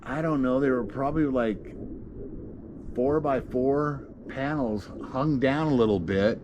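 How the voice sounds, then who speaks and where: A middle-aged gigging musician from the USA, who plays solo, rambles through a casual gear vlog with lots of fillers, restarts and free swearing. His mid-range voice is unhurried, and the noisy home recording has its highs cut off.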